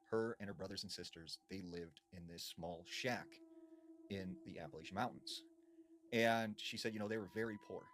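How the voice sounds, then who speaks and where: A man telling spooky stories in a hushed, dramatic way with drawn-out pauses. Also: lowish voice, a little hiss or hum. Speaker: storyteller. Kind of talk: spooky storytelling.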